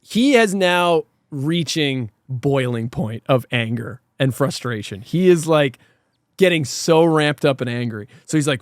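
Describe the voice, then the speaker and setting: A man co-hosting a casual, unscripted podcast, with a voice that sits a little on the high side. He tells the story in an animated way, laughing often and swearing freely. The sound is dry and close. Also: unhurried, no echo. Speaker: podcast co-host.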